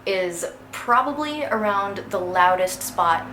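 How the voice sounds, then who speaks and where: A woman's voice: mid-range voice, animated, slow pace, pushed and bright. Young woman, clarinet teacher, casual and chatty, sings phrases aloud; roomy echo, faint background noise. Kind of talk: instructional music lesson. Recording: echoey room with faint noise.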